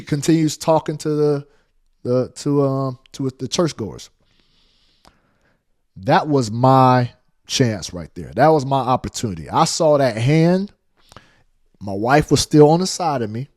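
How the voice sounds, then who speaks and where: A man telling a story in a casual monologue, repeating phrases for emphasis. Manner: animated, acts out quotes with big pitch jumps.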